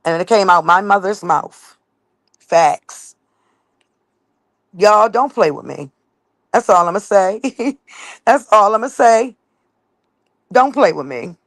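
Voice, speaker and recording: A woman with children speaks bluntly to viewers on a casual live stream, her voice fairly low and her intonation lively. She talks slowly with frequent pauses, and there's no room sound. She hammers each point home emphatically, tagging lines with "facts" and "period."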